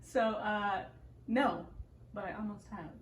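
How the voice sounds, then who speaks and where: A woman's voice: mid-range voice, slow. A young adult woman vlogger chatting casually while answering viewer questions, bubbly and giggly, talking with her mouth full. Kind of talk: casual chat. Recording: echoey room with faint background noise.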